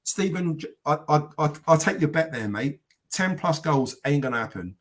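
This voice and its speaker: A man's voice: fairly high pitch, lively intonation, normal speed. A man hosting a live podcast, chatting casually, rambling and swearing as he reads out viewer comments. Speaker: podcast host. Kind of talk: casual live-stream chat.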